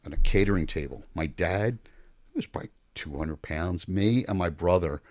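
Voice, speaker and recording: Low-voiced older man telling blunt stories. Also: moderate pace, no room sound, clean studio sound. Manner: blunt, profane, animated storyteller. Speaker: podcast guest. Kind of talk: casual storytelling chat.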